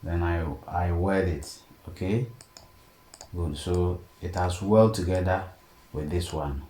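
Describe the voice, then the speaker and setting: A man teaching a design software tutorial step by step and often checking in with "okay?". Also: deep voice, slow. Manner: steady step-by-step explaining, frequent "okay?" check-ins. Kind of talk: screen-recorded tutorial narration. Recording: echoey room, faint background noise.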